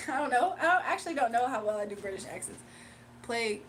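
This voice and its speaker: A woman's voice: on the high side, expressive, fairly quick, fairly bright tone. A young woman chatting casually with her viewers on a live stream, laughing often and breaking into bits of song. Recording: slightly distant mic with faint room noise.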